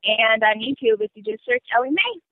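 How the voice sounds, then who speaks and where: A woman's voice: fairly high pitch, animated, brisk, no room sound. A young woman, a guest on a political talk show, chatting casually with lots of ums and small laughs, heard over a phone line. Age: young adult. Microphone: phone call.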